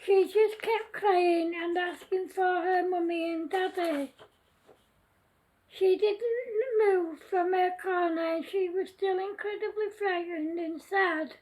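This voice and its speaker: Brief: woman storyteller, very high, slow, mellow voice, gentle and earnest. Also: fairly even intonation, low-quality recording. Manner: earnest and gentle, with small restarts. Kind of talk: reading her own children's story aloud.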